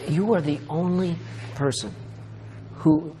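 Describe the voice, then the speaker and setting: A woman correspondent conducting a news magazine interview, asking gentle, probing questions. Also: low voice, takes it slowly.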